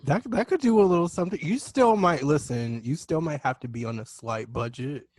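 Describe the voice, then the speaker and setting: A man co-hosting a podcast in a casual chat, chiming in with quick agreement. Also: on the high side, expressive, darkish tone. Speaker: podcast co-host.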